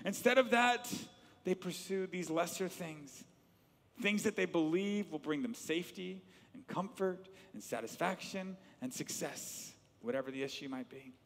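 A middle-aged man, a pastor, preaching a sermon with animated storytelling and repeated words. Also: sits high, normal speed, in a large hall.

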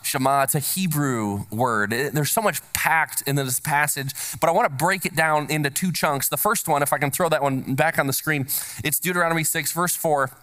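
A pastor preaching in a church with a fairly high voice for a man. He builds his points through emphatic repetition and has the congregation call words back to him. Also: normal speed, a bit bright. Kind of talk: sermon. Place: church sanctuary.

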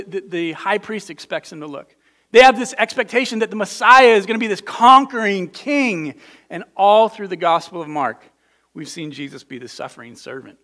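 A man with a notably high voice preaches in a relaxed, conversational way. He is earnest and emphatic, stumbling over and repeating words as he presses his points. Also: brisk. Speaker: pastor. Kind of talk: conversational sermon.

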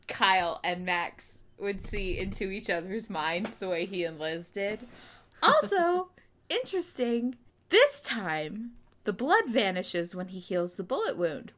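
A woman's voice: medium pitch, a bit bright. A woman co-hosting a podcast who gives wry, joking commentary on a TV episode. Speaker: podcast co-host. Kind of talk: casual TV recap chat.

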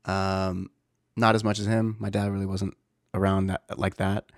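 A man's voice: deep voice, level tone, moderate pace, dry recording, studio quality. A man in his thirties, a father talking in a casual, reflective way, rambling with many fillers and restarts. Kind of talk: casual personal talk.

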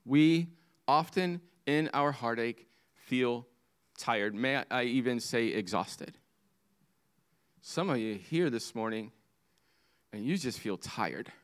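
Impassioned male preacher, slow delivery. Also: animated. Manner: impassioned preaching, swinging from loud highs to hushed lows. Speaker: pastor. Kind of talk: sermon.

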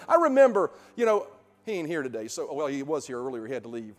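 A middle-aged male pastor preaching a sermon in a church sanctuary, emphatic, full of rhetorical questions, building to loud peaks. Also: a little high, quick pace, big-room sound, soft background music.

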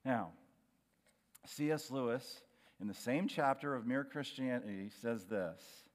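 A man preaching a sermon, emphatic, slowing down and lifting his voice on key phrases. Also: mid-range voice. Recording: reverberant hall.

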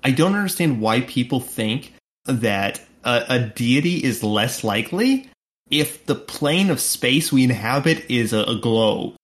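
A man's voice: mid-range voice, expressive, measured pace. A man co-hosting a podcast, chatting casually and slipping into sarcastic mock rants. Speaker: podcast co-host. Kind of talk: casual chat.

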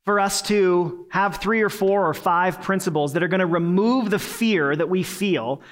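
A male pastor gives a Sunday sermon, talking to the congregation in an earnest, relaxed, conversational way. His voice sits a little high for a man, and he drops in casual fillers and restarts as he goes. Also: normal speed.

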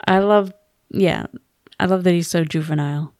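A woman's voice: fairly low pitch, moderate pace, darkish tone, dry recording, clean studio sound. A woman co-hosting a podcast, chatting casually about a book and acting out its dialogue with a giggle. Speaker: podcast co-host. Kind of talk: casual book-club chat.

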